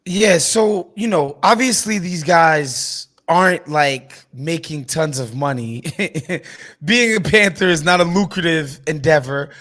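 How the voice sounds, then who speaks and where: A man's voice: fairly high pitch, slow pace, a bit bright. A man hosting a podcast in casual chat, chatty and often checking in with his listeners. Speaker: podcast host.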